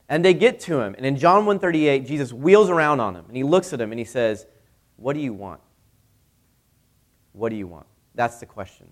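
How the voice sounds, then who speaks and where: A young male pastor giving a sermon in a conversational way, with many rhetorical questions. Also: mid-range voice.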